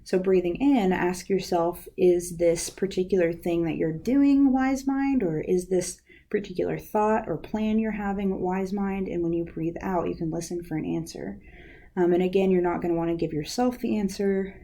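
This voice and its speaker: In a voice on the low side and at a normal speed, a young university outreach specialist offers a laid-back guided lesson on counseling skills. She stays relaxed, using many fillers like "um" and "like."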